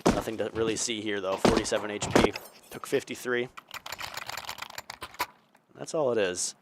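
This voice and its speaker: A young man casting an esports match solo, with energetic play-by-play that climbs on big plays. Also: on the low side, normal speed, heavy background noise. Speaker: esports caster. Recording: game gunfire loud under voice. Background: game sound effects and gunfire.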